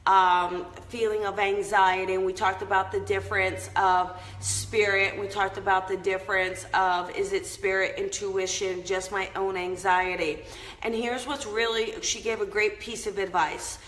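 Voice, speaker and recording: A woman's voice: mid-range voice, level tone, unhurried, fairly bright tone, echoey room, rough recording. A woman hosting a casual live-stream chat, upbeat and chatty, laughing often as she talks to her viewers. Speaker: host of a live inspirational show.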